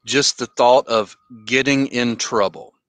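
A man's voice: medium pitch, steady tone, a little slow, a bit bright, no echo. A man in casual conversation, agreeing and adding his thoughts. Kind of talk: casual chat.

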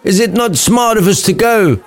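A man's voice: high-pitched, lively intonation, moderate pace, some chatter behind, pitched above the performer's own voice. A man voicing a melodramatic, lovesick young nobleman in a comic storybook retelling, theatrical and mopey.

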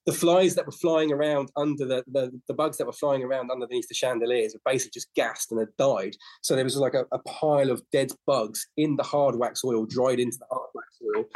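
A man's voice: medium pitch, a little mellow. A man in his fifties or sixties, a podcast guest who tells long, rambling anecdotes with frequent restarts. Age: 50s to 60s. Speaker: podcast guest, flooring business owner. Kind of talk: casual interview storytelling.

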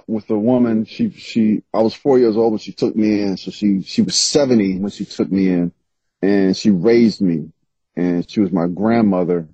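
Husky dark-voiced author telling stories. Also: male voice, fairly low pitch, no room sound. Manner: animated storytelling, laughs often. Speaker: author guest. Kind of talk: casual interview chat. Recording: slightly dull lo-fi sound.

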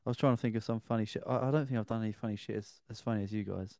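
A man's voice: lowish voice, fairly even intonation, racing, creaky, darkish tone. A young British man co-hosting a podcast, easygoing and a bit hesitant in casual chat. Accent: British English. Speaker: podcast co-host.

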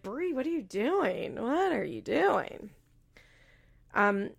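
Chatty woman with a gravelly edge. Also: mid-range voice. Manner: chatty, opinionated, quotes others in animated asides. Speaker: podcast host recapping a reality show. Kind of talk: casual chat.

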